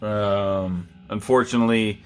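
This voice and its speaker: Slow-talking tipsy man rambling profanely. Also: on the low side, fairly even intonation, smooth, faint music behind. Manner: drunk, rambling, profane, self-mocking. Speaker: knife review vlogger. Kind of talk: rambling casual chat.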